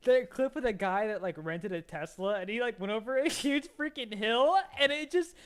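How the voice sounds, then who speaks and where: A man co-hosting a podcast in casual chat, excitable and full of "dude". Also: high-pitched, moderate pace, smooth. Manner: excitable, says "dude" a lot. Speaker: podcast co-host.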